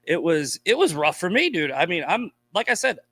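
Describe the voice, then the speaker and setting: Brief: male podcast guest from Boston, blunt and profane, slightly higher voice, dry close sound. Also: very animated, moderate pace, sharp tone, no room sound. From Boston, USA. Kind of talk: casual podcast chat.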